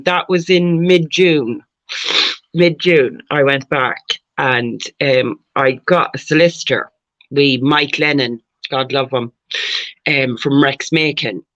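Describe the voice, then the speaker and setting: A woman from Mayo with an Irish accent, telling her story as a podcast guest, animated and swearing freely. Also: fairly low pitch. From Ireland. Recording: dull lo-fi sound.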